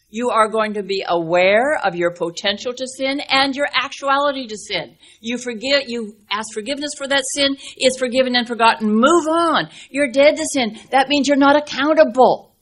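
A woman's voice: fairly high pitch, a bit bright. Emphatic older woman preaching a sermon. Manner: earnest, emphatic, speeds up and slows down for stress; folksy storytelling with acted-out dialogue. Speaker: speaker at a women's Bible teaching.

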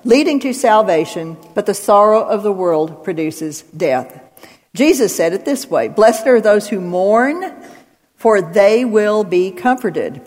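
A woman's voice: mid-range voice, darkish tone. Woman teaching scripture in an echoing hall. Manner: emphatic, numbered points with scripture references. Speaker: Bible teacher. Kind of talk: expository Bible teaching. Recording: long hall reverb.

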